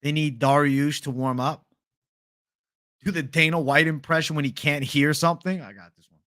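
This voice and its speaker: A man's voice: a little high, fairly even intonation, moderate pace, fairly bright tone. A young man hosting a casual livestream, swearing freely and reading viewer chat aloud. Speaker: livestream host.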